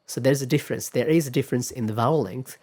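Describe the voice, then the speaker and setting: A man giving a pronunciation lecture, speaking deliberately and repeating example words several times to demonstrate them. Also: mid-range voice, a little mellow.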